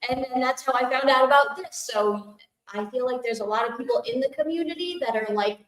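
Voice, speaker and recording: A woman guest excitedly retelling a story in casual chat. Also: high voice, fairly quick. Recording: echoey room, off mic.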